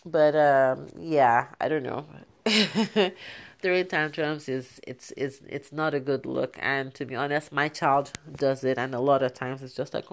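A woman's voice: low-pitched, measured pace. A young woman from Nigeria, a mother, chatting casually to her viewers, laughing often and using many fillers. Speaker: vlogger. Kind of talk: casual talk to camera.

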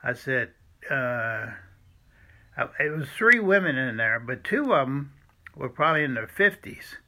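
A man telling a personal church testimony in a halting way, with frequent restarts and throat-clearing. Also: medium pitch, sing-song, pushed and bright. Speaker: former seminary student telling a church story.

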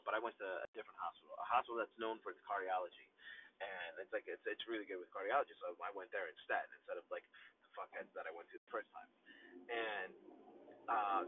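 A young man hosting a podcast, telling a long personal story in a rambling, profane, animated way, full of "like" and "son". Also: on the high side. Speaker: podcast host. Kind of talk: casual storytelling monologue. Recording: tinny phone-like audio with faint noise.

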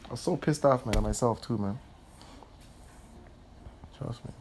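A man telling a heated personal story in casual chat, animated, laughing and swearing as he goes. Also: mid-range voice, moderate pace, a little hiss or hum. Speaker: host.

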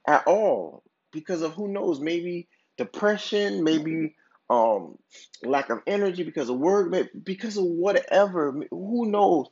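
Brief: male podcast host, slightly husky voice, casual rambling monologue, muffled low-fi recording. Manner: rambling, filler-heavy storytelling with many "like"s and restarts. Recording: dull lo-fi recording.

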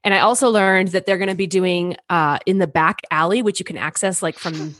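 A woman co-hosting a local podcast, chatting casually with quick laughs and plenty of fillers. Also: lowish voice, steady tone, a bit bright, no echo, studio quality. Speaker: podcast co-host. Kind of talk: casual chat.

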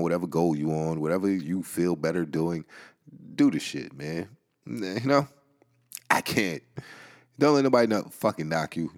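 A man's voice: low voice, a little mellow. A man hosting a solo podcast, rambling casually with a Georgia accent, swearing and laughing often as he talks. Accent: Southern US, Georgia. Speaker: podcast host.

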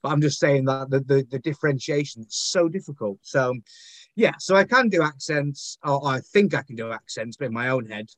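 A man's voice: mid-range voice, brisk, fairly bright tone, no echo. A man with a Northern English accent, a guest actor and poet talking casually in a podcast interview, rambling and self-deprecating with lots of fillers. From Northern England.

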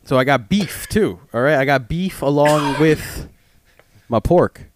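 A young man hosting a casual podcast, joking and laughing as he rambles through a meat-box pitch. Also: animated, measured pace, background noise. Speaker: podcast host. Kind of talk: casual chat.

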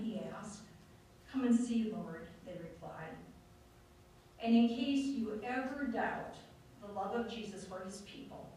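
A woman delivers an earnest sermon, reading scripture with drawn-out, weighty pauses. Her voice carries from a distance through a very echoey room. A faint low rumble sits underneath. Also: darkish tone. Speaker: preacher.

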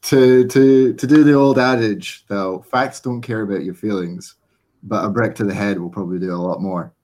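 A man hosts a podcast in a brisk, businesslike way, moving from one point to the next. His voice sits a little low. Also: steady tone, a little mellow. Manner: brisk, moves the show along. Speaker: podcast host. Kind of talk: casual podcast discussion.

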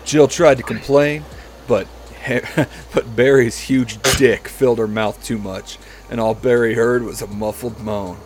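A man reads a story aloud for a comedy podcast, halting to giggle at his own lines. His voice sits in an ordinary middle pitch. A faint hiss runs under the recording. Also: fairly even intonation. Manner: giggly, breaks into laughter while reading. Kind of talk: comedic dramatic reading.

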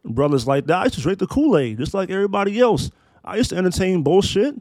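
A man's voice: high-pitched, very animated, quick pace, a little mellow, dry recording. A man in his thirties hosting a solo podcast, talking in emphatic, profane, preacher-like build-ups. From Maryland, US. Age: 30s. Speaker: podcast host.

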